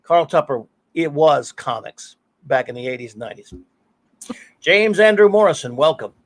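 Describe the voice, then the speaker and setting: A middle-aged man hosts a casual live stream, winding through long anecdotes. His voice sits high for a man. He curses freely and breaks into laughs between stories. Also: lively intonation, moderate pace. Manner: rambling storyteller, curses freely, laughs often. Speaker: podcast host.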